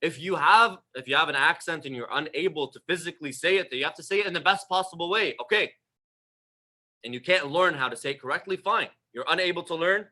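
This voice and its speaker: Guy giving a religious talk on a livestream, bright tense voice, kinda chatty and emphatic, repeats himself, trails off quiet. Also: fairly high pitch, quick pace. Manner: emphatic, repeats phrases, trails off softly at phrase ends; conversational, asks the audience questions. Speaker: religious lecturer.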